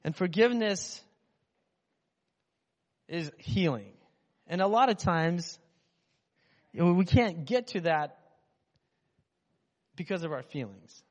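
A man from Russia with a notably high voice preaches in a loose, rambling, conversational way, as though chatting with the congregation. His voice trails off into a long hall echo, and the recording sounds dull and muffled. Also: animated, slow, long pauses. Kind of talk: casual conversational sermon.

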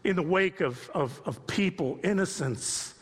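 A man in his sixties preaching a sermon off the cuff, moving from quiet storytelling to impassioned rising appeals. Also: sits high, a little slow, breathy edge, long reverb tail. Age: 60s. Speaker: pastor.

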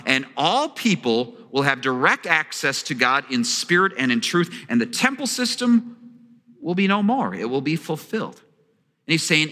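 A male pastor preaching a sermon in an animated, storytelling way, often asking the congregation questions. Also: a little high. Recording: long reverb of a large hall.

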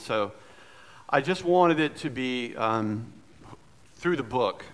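A man's voice: medium pitch, fairly bright tone. A male pastor preaching a sermon in a church in a conversational, storytelling way, asking the congregation questions as he goes. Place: church sanctuary.

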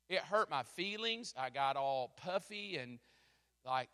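Bright-voiced middle-aged pastor preaching. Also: male voice, on the high side, slow pace, big-room sound. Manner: storytelling, self-mocking, animated. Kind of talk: sermon.

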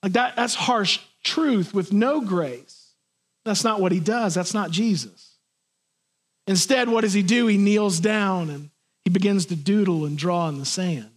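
Pastor, male, high voice, earnest sermon delivery. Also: unhurried. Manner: earnest preaching, acts out imagined voices.

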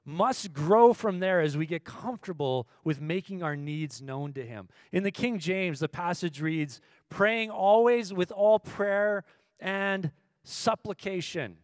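Male pastor, high-pitched, dry close recording, impassioned sermon delivery. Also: unhurried, dry recording. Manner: swings from low, quiet teaching to loud, impassioned preaching; asks the audience questions.

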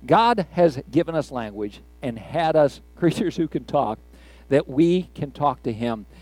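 An older man, a grandfather, preaching a sermon in a conversational, folksy way with halting restarts. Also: on the high side, expressive, a little mellow, no echo, soft background music.

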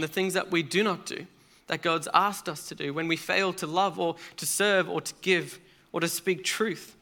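A man preaching a sermon in an earnest, measured way with dramatic pauses. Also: high voice, pushed and bright.

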